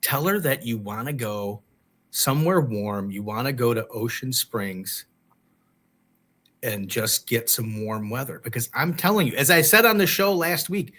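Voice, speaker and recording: Male podcast host, bright tone, rambling and playful. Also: mid-range voice, expressive, measured pace. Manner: chatty, teasing, rambling. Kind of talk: casual chat.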